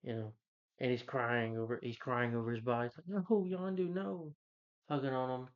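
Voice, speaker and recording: A man's voice: medium pitch, level tone, fast talker. A man casually recapping a movie plot, rambling and filling with "like" and "you know.". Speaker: movie reviewer. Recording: dull lo-fi recording.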